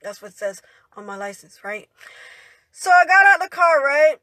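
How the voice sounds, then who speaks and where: A woman's voice: sits high, big pitch swings, moderate pace, pushed and bright, no echo. A young woman telling a story in a rambling, indignant way, ending her lines with "right?" and "you know". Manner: indignant retelling. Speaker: vlogger. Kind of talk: storytime monologue.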